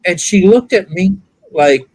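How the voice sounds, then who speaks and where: Man in a relaxed group call, animated yarn-spinner who voices everyone in his story, slightly high pitch, dry room. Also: measured pace, no room sound, rough recording. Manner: animated storyteller who acts out quotes in a raised voice. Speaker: participant in an online group chat. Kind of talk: casual storytelling chat.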